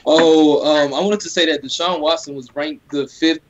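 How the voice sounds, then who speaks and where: A man co-hosting a casual sports talk stream, reeling off eager shout-outs. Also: fairly high pitch, steady tone, normal speed, a little hiss or hum. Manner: eager shout-out roll call. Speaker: co-host. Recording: dull lo-fi audio.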